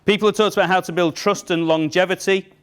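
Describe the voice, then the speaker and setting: A man running a live sales training session for an audience, upbeat and joking as he gives brisk instructions. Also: sits high, fairly even intonation, smooth. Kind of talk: live workshop talk to an audience. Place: event room with an audience.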